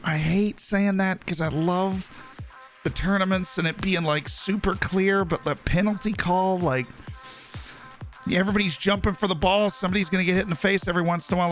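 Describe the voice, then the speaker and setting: A man hosting a live stream, chatting casually about football and rambling with lots of "right?" and "like". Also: high voice. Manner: rambling, tags "right?" and "like" often.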